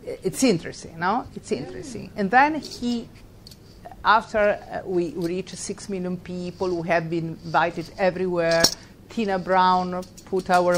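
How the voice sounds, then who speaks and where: Italian-accented woman giving a halting lecture. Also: on the low side, a little hiss or hum. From Italy. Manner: halting, searching for words, laughs while telling a story. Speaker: guest lecturer. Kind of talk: university lecture.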